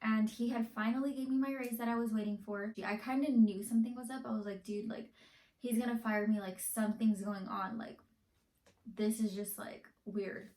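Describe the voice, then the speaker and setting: A woman's voice: a little high, fairly even intonation, moderate pace, a little mellow. Young woman, casual storytime vlogger, rambling and full of fillers, recorded in a reverberant room. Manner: rambling, heavy use of "like". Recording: echoey room.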